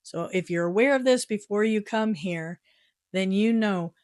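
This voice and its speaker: A middle-aged American woman living in Japan, telling a story in a casual vlog with an animated, exasperated manner and frequent laughs. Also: mid-range voice, normal speed, no room sound, studio quality. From United States. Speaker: vlogger. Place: her home in Japan.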